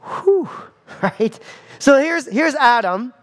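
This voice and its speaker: A man preaching a sermon as pastor, animated, acting out scenes with playful asides. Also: very high voice, extremely slow.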